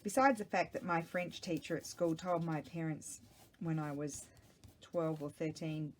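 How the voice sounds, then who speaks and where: A middle-aged craft vlogger with a low, darkish voice chats casually while working on a project, talking a little slowly. She rambles, thinks aloud, talks to herself, and drifts off topic. She records at home on a small microphone, with a faint hiss in the background.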